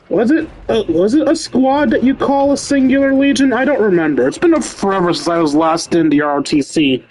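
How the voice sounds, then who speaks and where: Game streamer, dry sarcastic commentary, mid-pitched voice. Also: fairly quick, few pauses, a little hiss or hum. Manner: sarcastic, deadpan wisecracks. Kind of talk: casual live-stream commentary over a game.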